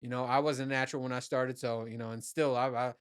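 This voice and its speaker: On his own podcast, this man delivers a loose, rambling rant in a steady, clean, medium-pitched voice at a fast clip. Profanity flows freely, and he keeps restarting his sentences, peppering them with "you know."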